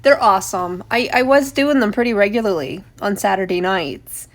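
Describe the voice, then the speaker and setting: A woman's voice: medium pitch, normal speed. A middle-aged woman hosting a casual craft live stream, greeting viewers by name and laughing often between remarks.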